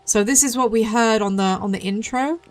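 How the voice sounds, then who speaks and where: A young adult woman with a somewhat high voice streams a game at normal speed. She chats casually, reads the game's text aloud and makes jokes at her own expense, giving relaxed gameplay commentary.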